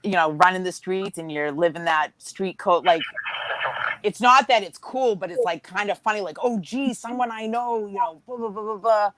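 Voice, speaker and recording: Casual woman, animated storyteller. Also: fairly low pitch, moderate pace, poor audio. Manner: animated storyteller, acts out quotes. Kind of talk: casual chat.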